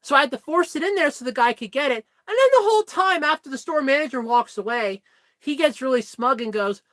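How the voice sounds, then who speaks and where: Animated high-voiced young woman. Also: a little fast, no room sound. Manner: animated, exasperated retelling. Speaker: vlogger. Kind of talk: casual chat storytelling.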